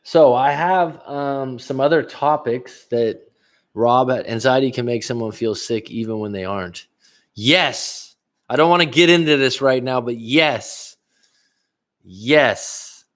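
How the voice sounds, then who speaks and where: A man's voice: mid-range voice, takes it slowly, fairly bright tone. A middle-aged male relationship coach in a casual livestream chat, rambling and reading viewer comments aloud with many restarts. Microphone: livestream webcam.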